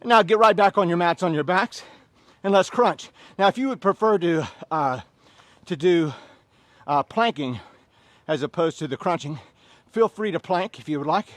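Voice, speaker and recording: A man in his fifties leading a workout class, chatting and joking between sets and counting reps in loud bursts. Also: sits high, normal speed, no echo. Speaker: fitness instructor.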